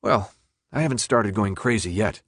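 A man's voice: on the low side, normal speed, a bit bright, no echo, clean studio sound. A man voicing a tense, sarcastic teenage boy held captive, pushing back at his jailer. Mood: angry. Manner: sarcastic, defiant.

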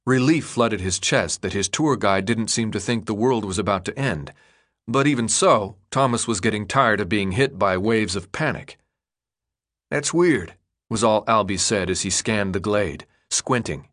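A man narrating an audiobook in a steady, even storytelling voice. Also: on the low side, normal speed. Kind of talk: scripted narration.

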